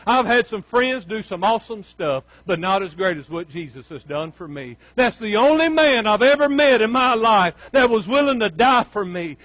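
High, fervent preacher man. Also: lively intonation, normal speed, few pauses, no room sound, highs cut off. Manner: fervent, rising to near shouts and dropping low. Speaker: pastor. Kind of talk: sermon.

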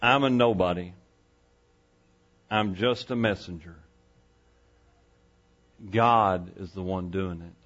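A man's voice: deep voice, slow, pauses often, fairly bright tone. Preacher guy, folksy down-home sermon in church, kinda dull lo-fi sound. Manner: folksy, conversational preaching with rhetorical questions. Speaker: pastor. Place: church sanctuary.

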